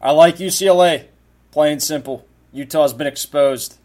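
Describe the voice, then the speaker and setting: A man's voice: on the high side, a little slow, a little mellow. A man co-hosting a casual sports picks chat. He gives blunt, wry one-liners. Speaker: co-host.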